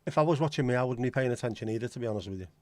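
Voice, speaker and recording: A livestream host with a Liverpool accent talks in a rapid-fire way, joking, swearing casually, and shouting out viewers by name. His pitch is an everyday middle. The audio is close and dry, with no echo from the room.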